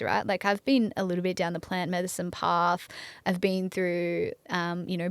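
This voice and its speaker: A woman's voice: lowish voice, no echo. A woman hosting a podcast, asking curious questions in a loose, casual way and swearing freely. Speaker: podcast host. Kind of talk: casual chat.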